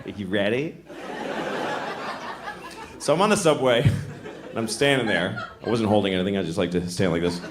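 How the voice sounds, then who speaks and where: A middle-aged man doing live stand-up, telling stories deadpan and jumping into high-pitched voices. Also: normal speed, long pauses. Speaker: stand-up comedian. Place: comedy club stage. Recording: echoey club with crowd noise.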